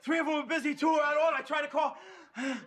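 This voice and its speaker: A jittery, panicky young husband. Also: male voice, extremely high pitch, little pitch movement, quick pace, a crowd in the background. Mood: frantic. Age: young adult. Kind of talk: sitcom acting.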